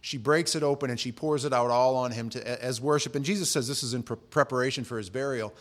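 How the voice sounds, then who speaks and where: A man's voice: medium pitch, fast talker, a bit bright. A middle-aged man preaching a sermon in a conversational, storytelling way, acting out the voices he quotes. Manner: conversational, acts out quoted voices, frequent restarts. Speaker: pastor.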